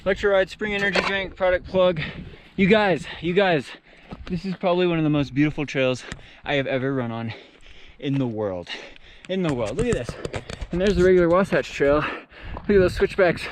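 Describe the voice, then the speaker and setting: A man narrating a trail run out loud in a casual, enthusiastic way, out of breath as he climbs a high mountain trail outdoors. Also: fairly quick, a little hiss or hum. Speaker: trail running vlogger and coach. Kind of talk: casual vlog narration while running.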